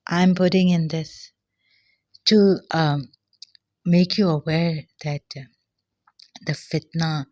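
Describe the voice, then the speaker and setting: A woman giving an earnest personal monologue, short of breath, halting and often trailing off softly. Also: low-pitched, steady tone. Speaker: vlogger.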